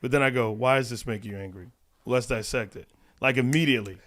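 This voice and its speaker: A man's voice: medium pitch, fast talker, a bit bright. A man, a comedian guest on a podcast, telling casual stories with lots of restarts and fillers. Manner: rambling with restarts and laughter.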